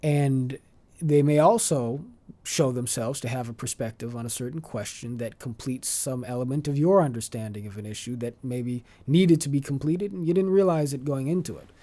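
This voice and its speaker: This podcast guest, a man with a mid-range, dark-toned voice, talks through a conversational interview in long, measured, articulate sentences. Now and then he restarts a phrase as he hunts for the right words.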